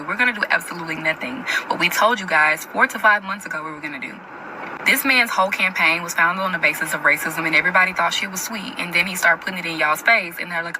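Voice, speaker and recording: Fast, mocking woman over background noise. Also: on the low side. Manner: mocking and dismissive. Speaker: social media commentator. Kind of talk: casual commentary to camera.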